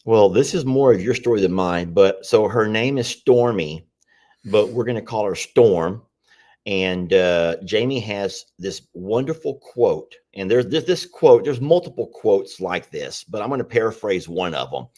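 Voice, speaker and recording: A man's voice: lowish voice, animated, unhurried, darkish tone. A man hosting a casual livestream chat about his animal sanctuary, talking in a rambling, repetitive way. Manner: rambling, chatty, repeats himself.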